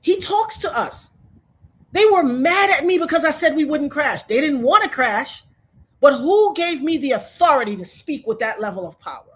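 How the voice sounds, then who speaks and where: A woman's voice: sits high, animated, moderate pace. A woman in her fifties, telling her story with fervent, preacher-like conviction as an interview guest. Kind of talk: emotional testimony in conversation.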